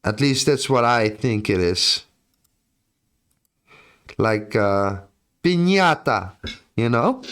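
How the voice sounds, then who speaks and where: A European man talks to his stream chat at a slow, unhurried pace. His pitch sits in a plain middle range. He jokes around and draws out his phrases. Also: animated, a bit bright. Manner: laid-back, joking, drawls phrases, mock French.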